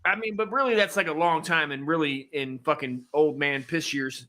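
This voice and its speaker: Crude jokey guy in his 40s, from the ozarks, bright kinda high voice. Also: moderate pace, a little hiss or hum. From Ozarks, United States. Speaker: podcast co-host. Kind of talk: casual comedic chat.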